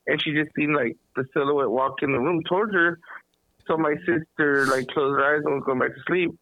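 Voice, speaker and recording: A man hosting a podcast, telling a rambling story in a casual, animated way. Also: on the high side, fairly quick. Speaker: podcast host. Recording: thin phone-like sound, dry.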